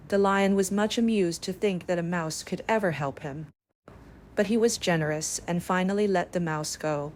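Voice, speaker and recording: A woman narrating bedtime fables in a calm, measured way. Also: on the low side, slight background noise. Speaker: storyteller.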